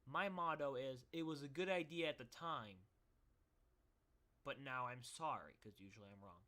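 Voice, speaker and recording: A young man telling a rambling personal story in a casual, animated way, with many fillers and frequent laughs. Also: mid-range voice, normal speed. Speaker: vlogger.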